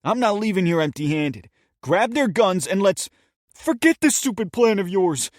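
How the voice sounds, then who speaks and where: A man voicing an angry, panicking teenage male robber who shouts, curses and bosses his partner. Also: high voice, big pitch swings, slow pace, no room sound, clean studio sound, voice pushed up, full character voice. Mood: angry shouting. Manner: shouting, cursing, bossy.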